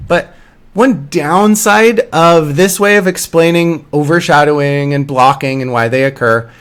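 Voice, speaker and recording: A man's voice: fairly high pitch, measured pace, a bit bright, smooth. A man lecturing to a university course, explaining step by step, often repeating phrases and checking in with "right?". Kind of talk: recorded lecture.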